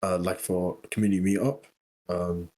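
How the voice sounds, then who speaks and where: A man's voice: low voice, little pitch movement, moderate pace, dark tone. A man with a British accent, a podcast guest, talking in a laid-back, rambling way. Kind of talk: casual chat.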